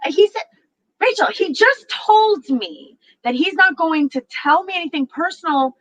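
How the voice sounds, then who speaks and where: A very high voice at normal speed belongs to this talk show host, who chats casually and tells stories. She acts out quotes with plenty of animation and laughs often, in a low-quality recording.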